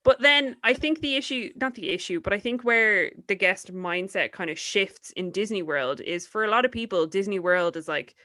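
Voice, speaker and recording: A young Irish woman chats on her podcast, blunt, emphatic and quick to swear. Her voice is bright and forward, and the recording sounds dry and close, with no room around it. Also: medium pitch, dry recording. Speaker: podcast co-host. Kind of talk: casual chat.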